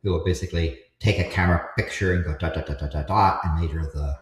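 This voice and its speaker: Man, low voice, halting speech, lots of fillers, casual livestream co-host, echoey room. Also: fairly even intonation. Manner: halting, many restarts and fillers, joking asides. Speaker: co-host explaining volcano science.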